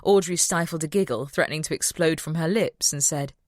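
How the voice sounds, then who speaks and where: A woman reading an audiobook as scripted narration, in an even, steady storytelling way, close to the mic. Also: sits low, brisk, no room sound.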